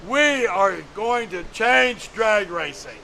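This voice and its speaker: A man in his nineties retelling an insistent male trailer builder's words in his own high, gravelly voice. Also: animated, slow pace, sharp tone, slight background noise, exaggerated voice, low-quality recording. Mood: eager.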